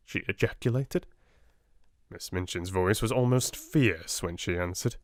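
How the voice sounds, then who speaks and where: A man with a British accent narrating a classic children's novel in an expressive storytelling manner. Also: deep voice, measured pace, no echo, studio quality. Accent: British English. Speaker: audiobook narrator. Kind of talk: unabridged audiobook narration.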